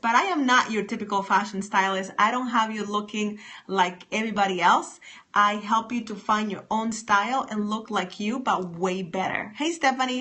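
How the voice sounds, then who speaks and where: A woman's voice: medium pitch, pushed and bright. A woman fashion stylist chatting on a live phone stream from her office, effusive and greeting viewers by name. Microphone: phone camera.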